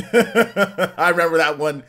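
Rambling high-voiced male streamer. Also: takes it slowly. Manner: rambling, repeats himself, laughs often, trails off quietly. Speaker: livestream host. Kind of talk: casual live stream chat.

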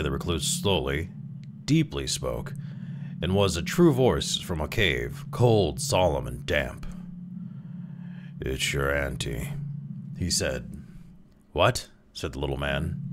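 A man narrating a classic short story aloud in an expressive reading, with occasional restarts. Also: rumbling low, noisy background.

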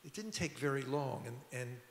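A man's voice: mid-range voice, animated, moderate pace. An older man, a record producer, telling rambling anecdotes at a public talk in a museum auditorium. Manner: rambling, conversational, frequent restarts. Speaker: record producer and musician, guest. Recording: echoey hall.

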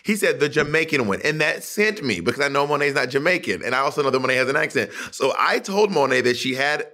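Man, casual podcast chat, bright voice, teasing, storytelling. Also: medium pitch, lively intonation. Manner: teasing, storytelling, drawn-out phrasing. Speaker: podcast co-host. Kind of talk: casual banter.

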